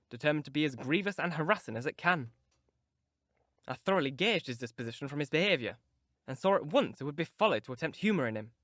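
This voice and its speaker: A man's voice: fairly high pitch, fairly bright tone, no echo. Man narrating an audiobook, dry and close. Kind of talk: scripted narration.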